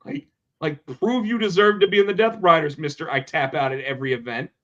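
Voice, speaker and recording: A man hosting a podcast in casual chat, animated and quick to swear. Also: a little high. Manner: animated, swears, acts out quotes. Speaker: podcast host. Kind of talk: casual chat about pro wrestling. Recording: dull lo-fi sound.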